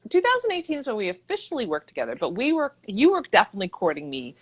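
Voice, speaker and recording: A woman's voice: medium pitch, wildly swooping pitch, rapid-fire. A woman hosting a conversation from home over a video call, playful and affirming, laughing easily. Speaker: podcast host, book coach. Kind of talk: casual interview conversation. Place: home in Brooklyn.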